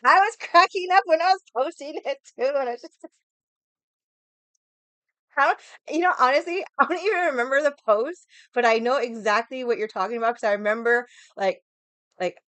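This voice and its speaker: A woman's voice: high-pitched, normal speed, a bit bright, dry recording. A young woman chatting casually with viewers on a livestream, rambling, swearing freely and laughing often. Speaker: livestream vlogger.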